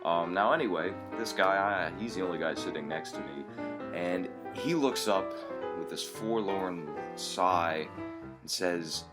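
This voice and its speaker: Deep-voiced man telling dry stories. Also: over loud music. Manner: dry storyteller, halting with ums. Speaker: podcast co-host. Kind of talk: storytelling comedy chat.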